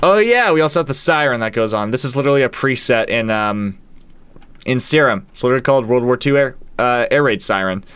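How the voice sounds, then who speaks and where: A man's voice: medium pitch, animated, fast, a bit bright, slight background noise. A man who is a band's producer and guitarist, casually walking through how a song was made and counting out its beats aloud. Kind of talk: casual walkthrough of a song's production.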